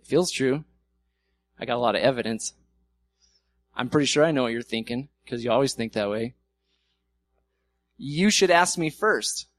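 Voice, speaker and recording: Pastor preaching in a chatty, playful manner. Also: male voice, mid-range voice, fairly quick, pauses often, no room sound. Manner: conversational, acts out quoted arguments with humor. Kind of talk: sermon. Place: church.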